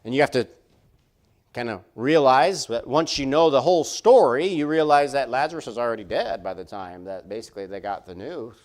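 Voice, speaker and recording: A man's voice: medium pitch, expressive, brisk. A man preaching a sermon in a church, conversational and repetitive, full of rhetorical questions. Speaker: pastor. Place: church sanctuary.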